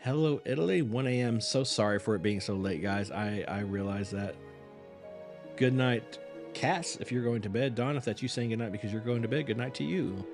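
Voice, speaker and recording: A man's voice: on the low side, normal speed, music in the background. A man hosting a live reaction stream, chatting casually with viewers in a rambling, apologetic and self-mocking way.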